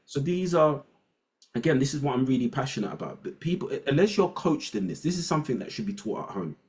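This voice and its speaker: A man's voice: medium pitch, expressive, quick pace, a little mellow. A middle-aged man with a London accent, a guest educator in a casual podcast chat who acts out quoted snippets of dialogue. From England.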